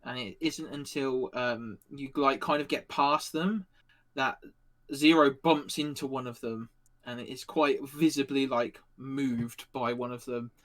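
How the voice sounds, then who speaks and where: Man, game master, rambling filler-heavy narration, average pitch. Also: steady tone, a little slow, fairly bright tone.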